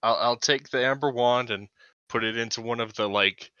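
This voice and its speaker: A man plays a tabletop game, chatting casually and leaning on 'like' as he thinks aloud. His voice is bright and mid-pitched. The recording is dry and lo-fi. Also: normal speed, clear, resonant tone, no echo. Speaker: player.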